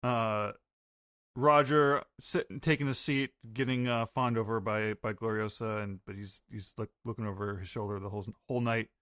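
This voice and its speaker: A man hosting a podcast, recapping a comic chapter in casual, animated talk. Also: lowish voice, normal speed, no room sound, studio quality. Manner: animated, acts out quotes. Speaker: podcast host.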